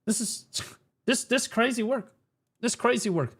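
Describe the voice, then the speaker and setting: A man's voice: very high voice, measured pace, a bit bright, husky. A man streaming live reaction commentary, blunt and profane, repeating his points as he gets riled up. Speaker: streamer host.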